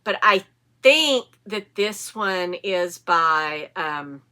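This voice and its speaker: A woman's voice: on the low side, animated, extremely slow, pushed and bright. A woman in her fifties hosting a knitting podcast, chatting casually in a rambling way and correcting herself as she goes. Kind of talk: casual chat to camera.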